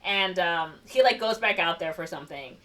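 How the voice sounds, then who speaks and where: A woman's voice: lowish voice, expressive, moderate pace, pushed and bright, far from the mic. A woman co-hosting a podcast, casually retelling a movie plot with lots of "like" and "um". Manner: rambling, filler-heavy with frequent "like" and "um". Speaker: podcast co-host.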